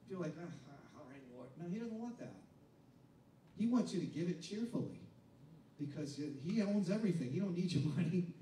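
A high-pitched male pastor preaching in a conversational style, who plays out the voices of reluctant churchgoers before building to loud, emphatic peaks. He sounds far from the mic in a reverberant room, with a faint hum of ambience behind him. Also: sing-song, brisk. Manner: conversational preaching, acting out doubters' voices, building to shouted climaxes. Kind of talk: sermon. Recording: echoey room picked up from a distance, faint ambience.

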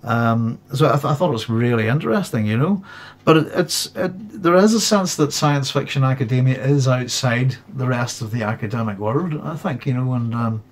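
A man's voice: mid-range voice, animated, moderate pace. A man hosting a casual livestream chat from home, rambling with many restarts. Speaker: host.

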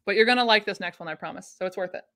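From her home, a woman runs a casual vintage sewing pattern livestream, racing along in a medium-pitched voice with a sharp tone. She chats with enthusiasm and responds to what her viewers write.

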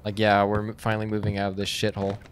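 A man playing a horror game and talking to his viewers. He reads the game text in a hushed voice, then breaks into sudden panicked yelps and nervous jokes. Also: lowish voice, monotone, rapid-fire, slight background noise. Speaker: gaming streamer.

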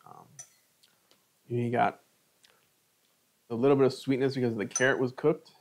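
Chatty man tasting his cooking. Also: medium pitch. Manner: chatty, savoring food between remarks. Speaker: cooking channel host. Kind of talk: live cooking stream taste test.

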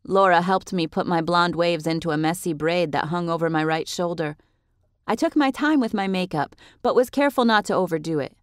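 A woman reads a novel aloud in the first person, measured and expressive. Her voice sits slightly low. The recording is close and dry, with no room sound. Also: no echo. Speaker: audiobook narrator. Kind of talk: scripted first-person narration.

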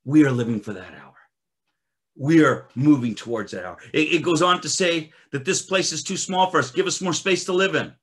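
Emphatic preacher, man with a higher voice. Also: normal speed. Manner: swings from loud emphatic bursts to low quiet reading of scripture; restarts and filler uh often. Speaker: ministry director preaching. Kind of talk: sermon.

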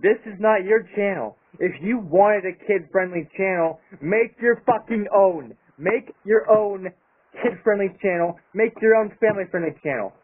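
A man's voice: high-pitched, moderate pace. A man delivering an angry, profanity-heavy vlog rant about his channel. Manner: angry, profane, emphatic ranting. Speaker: YouTuber. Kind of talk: ranting vlog monologue. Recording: tinny phone-like sound.

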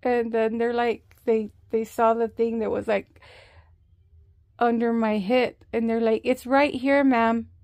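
Slow, gravelly woman vlogger. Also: on the high side, completely flat delivery, dark tone, no room sound. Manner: slow, rambling, with many fillers and restarts. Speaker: vlogger sharing a health update. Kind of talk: casual storytelling to camera.

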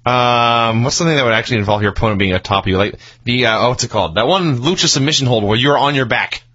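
A man co-hosting a wrestling review podcast, with dry, wry commentary and quick deadpan asides. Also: medium pitch, lo-fi sound. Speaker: podcast co-host. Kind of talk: casual wrestling review chat.

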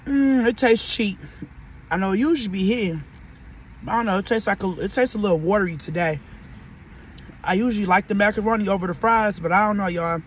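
A man from Detroit with a Detroit accent, chatting casually to viewers while he eats and reviews fast food, often calling them "y'all". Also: high voice, a little hiss or hum. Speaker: podcast host reviewing food.

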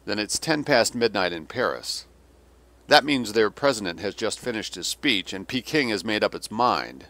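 A man's voice: on the low side, lively intonation, moderate pace, pushed and bright. A man voicing a weary, cynical older male Russian general who delivers sardonic, bitter tirades.

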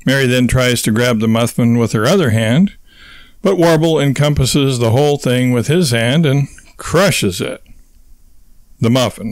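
A man reading a comic novel aloud as audiobook narration, with measured, wry storytelling. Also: medium pitch, creaky, no room sound.

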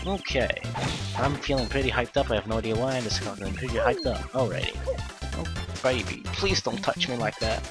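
A man's voice: medium pitch, brisk. A young man casually commenting on his own gameplay, rambling with crude jokes and mumbled asides. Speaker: let's play gamer. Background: game music.

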